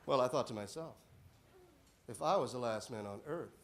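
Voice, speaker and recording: A man doing a stand-up comedy routine on a club stage, deadpan setups that burst into shouted punchlines. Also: medium pitch, moderate pace. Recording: live club audience laughing. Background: audience laughter and applause.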